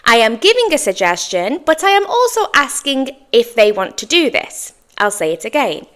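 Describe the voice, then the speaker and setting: A woman teaching an English lesson, speaking slowly and clearly with encouraging praise and exaggerated intonation for learners to repeat. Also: on the high side, very animated, a bit bright.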